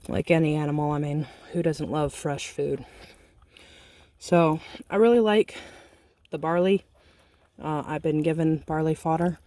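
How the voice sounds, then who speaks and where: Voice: mid-range voice, mellow, dry recording. Chatty small-farm rabbit keeper. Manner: chatty and explanatory, with plenty of ums and uhs. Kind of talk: casual how-to demonstration.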